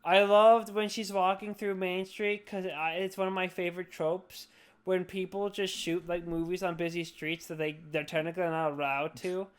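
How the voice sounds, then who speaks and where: With a high voice and a level tone, a young man hosts his podcast while drunk, keeping a moderate pace. The chat is casual, rambling and slurred, and he swears throughout.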